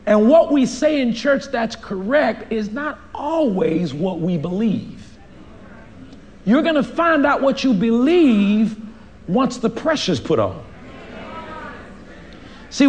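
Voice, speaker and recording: High-voiced man preaching, acts out little back-and-forths, laughs a lot, slight background hiss. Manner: animated preaching, acts out dialogue, laughs often. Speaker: pastor. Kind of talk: sermon.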